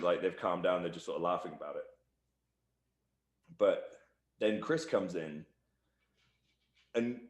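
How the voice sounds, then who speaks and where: In a room full of echo, a wrestler being interviewed for a shoot tells a backstage tale in a lowish voice. His delivery is quick and loose and animated, and he performs other people's lines in their voices.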